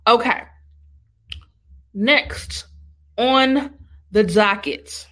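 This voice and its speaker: A woman's voice: on the high side, extremely slow. A woman and makeup artist ranting casually and sassily to her viewers. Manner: animated, sassy, talks straight to the viewer. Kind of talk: casual opinion rant.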